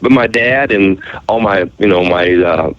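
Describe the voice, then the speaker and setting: A man's voice: deep voice, a little slow, muffled recording. A man from southwestern Ohio with an Appalachian country twang, a country singer answering interview questions in a laid-back, folksy way. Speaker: country singer-songwriter, guest. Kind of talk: radio interview.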